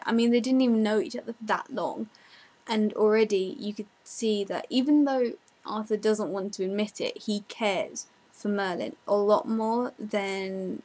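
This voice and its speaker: A woman's voice: medium pitch, a little mellow, rough recording. A young woman, chatting casually as she answers viewer questions, self-deprecating and full of ums and likes. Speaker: vlogger.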